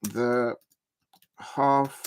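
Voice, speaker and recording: A man hosts a live football watch-along, rambling loosely at an ordinary middle pitch with fairly even intonation and a clear, resonant tone. He drags his words out slowly as he types into the chat, which keeps wandering from one point to another.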